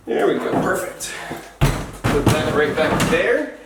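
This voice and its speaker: A man's voice: on the high side, very animated, very slow, pauses often, heavy background noise. A man hosting a wildlife vlog, chatting playfully while he cleans enclosures and talks to the animals. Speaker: wildlife keeper and vlog host. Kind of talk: casual narration while working. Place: indoor animal enclosure room. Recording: roomy, distant mic, music underneath.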